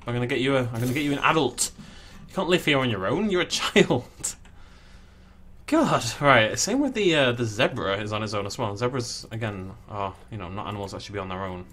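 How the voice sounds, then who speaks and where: A man's voice: medium pitch, a bit bright, a little hiss or hum. A young man giving casual commentary as he plays a zoo game, chatting and cooing at the animals. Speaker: gaming channel host.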